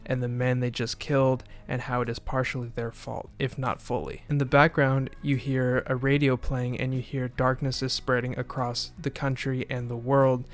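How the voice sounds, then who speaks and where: A man in a casual spoken recap of a TV episode, talking in a flat, monotone way and sometimes restarting his phrases. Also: mid-range voice, moderate pace, hardly any pauses. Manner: monotone delivery. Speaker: video essayist recapping a TV episode.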